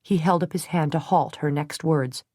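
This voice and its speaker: A woman narrating a romance novel in a steady storytelling manner. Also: low-pitched, normal speed, no room sound, clean studio sound. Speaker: audiobook narrator. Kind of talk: scripted narration.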